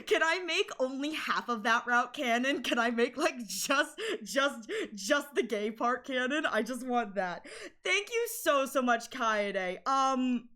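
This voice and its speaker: A woman streaming live, chatting casually with her viewers in a high, bright voice. She sounds emotional and tearful, and she laughs often while thanking them. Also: expressive, slow.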